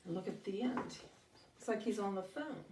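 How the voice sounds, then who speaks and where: Animated woman teacher reading to kids. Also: medium pitch, moderate pace, noisy background. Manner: animated, expressive storytelling. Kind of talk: reading a picture book aloud to a class. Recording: roomy sound from a distant mic.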